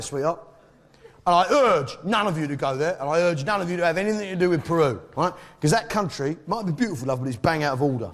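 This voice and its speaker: Brash British man, high voice. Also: expressive, fast talker. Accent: British English. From Britain. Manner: brash, blustering, jokes with the crowd. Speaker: stand-up comedian. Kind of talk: stand-up comedy routine.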